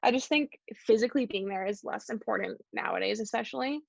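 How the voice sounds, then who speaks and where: A woman's voice: medium pitch, quick pace, vocal fry, dry recording, lo-fi sound. A young woman from Canada, a guest chatting casually in an interview, full of "like" fillers. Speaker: guest, YouTuber.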